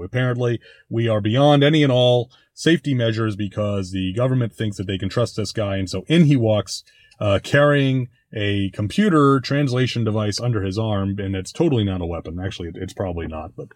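A man's voice: lowish voice, darkish tone, no room sound. A man hosting a casual commentary, reviewing a TV episode in a wry, chatty way with frequent restarts and dry asides. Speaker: podcast host reviewing a TV episode.

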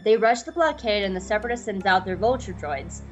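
A woman's voice: mid-range voice, expressive, fairly quick, dull audio, soft background music. A woman co-hosting a podcast, chatting casually and reading episode recaps. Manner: chatty, filler-heavy, reads summaries. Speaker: podcast co-host.

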